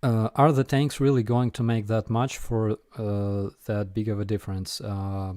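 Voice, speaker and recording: A man with a Ukrainian accent hosting a casual live Q&A, answering viewer questions in an unhurried way with frequent ums and dry jokes. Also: lowish voice, level tone, dark tone, dry recording. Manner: unhurried, frequent ums and uhs, dryly joking.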